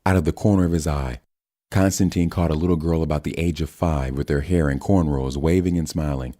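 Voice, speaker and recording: A male narrator reads the story in a steady, measured way. His voice sits low and dark, mellow rather than bright. The delivery is unhurried and plain. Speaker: audiobook narrator. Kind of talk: scripted audiobook narration.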